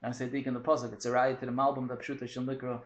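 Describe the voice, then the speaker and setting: A man teaching a lively text study class, quick and animated, mixing in Hebrew and Yiddish terms. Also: mid-range voice, roomy sound.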